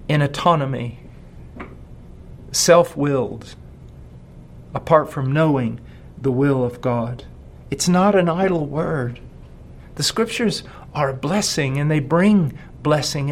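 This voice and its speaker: A man in his forties preaching a sermon as pastor, asking rhetorical questions and slowing down to stress key words. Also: on the high side.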